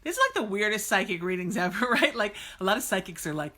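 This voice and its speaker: Medium-pitched, sing-song, and sharp, this woman talks fast while hosting a psychic podcast live stream. She's blunt and exuberant with her viewers, gushing over them, cheering, and slipping into bits of song.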